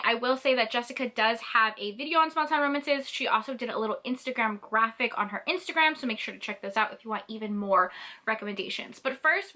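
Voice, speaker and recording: A young woman chats to camera about books in a bubbly, gushing way, often poking fun at herself. Her voice sits a little high and sounds bright and forceful. She is talking from home. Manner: bubbly, chatty, self-deprecating. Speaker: book vlogger. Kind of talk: casual chat to camera. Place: at home, indoors.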